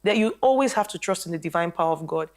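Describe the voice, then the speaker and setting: A woman's voice: on the low side, fast. A woman who is a health practitioner, speaking on a panel show and animatedly telling stories about clients, acting out their lines. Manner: animated storytelling, quotes people. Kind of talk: casual panel talk.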